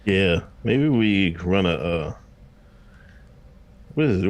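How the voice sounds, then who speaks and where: A man co-hosting a podcast in casual chat, animated and laughing often. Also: low-pitched, takes it slowly. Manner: animated, laughing, quotes people in put-on voices. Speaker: podcast co-host.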